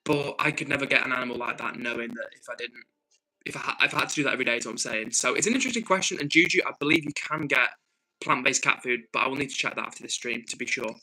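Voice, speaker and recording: A northern English man hosts a casual livestream, reading viewer messages aloud in a medium-pitched, racing, sharp voice over a low-quality recording. He's earnest and thinks out loud, with lots of ums and restarts.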